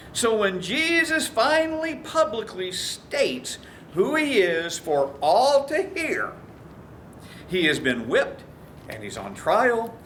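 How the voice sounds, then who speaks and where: A man's voice: high-pitched, fairly bright tone, a little hiss or hum. A man preaching a sermon as a pastor, telling stories and acting out the quoted voices. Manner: storytelling, acts out quoted voices.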